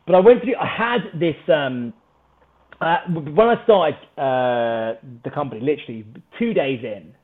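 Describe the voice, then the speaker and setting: A British man telling a story on a podcast in an energetic, animated way, swearing freely. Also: a little high, narrow, tinny audio. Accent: British English. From Britain. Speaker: podcast guest, startup founder. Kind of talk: casual storytelling chat.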